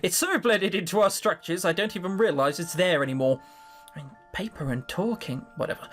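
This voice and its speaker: Brief: sarcastic male let's-play host, lively pitch, swears a lot, faint music under him. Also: fairly quick. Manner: sarcastic, swears often, mocks the writing. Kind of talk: reading a visual novel aloud with commentary.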